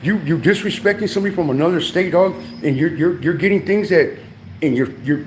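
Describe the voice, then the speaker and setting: A man's voice: high-pitched, lively intonation, quick pace, a little hiss or hum. A man in a heated livestream rant from home, confrontational, repeatedly calling the listener dog and my boy.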